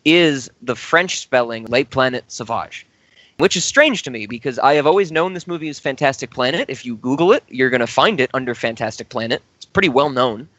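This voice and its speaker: A man's voice: medium pitch, lively intonation, a little fast, a bit bright, no echo. A man co-hosting a casual film podcast, rambling and teasing his co-host.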